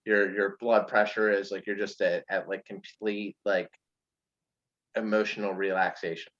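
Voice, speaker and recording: A man's voice: lowish voice, level tone, normal speed, a bit bright. A man guesting on a podcast, telling a story in casual chat and acting out quotes with lots of fillers. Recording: dull lo-fi sound.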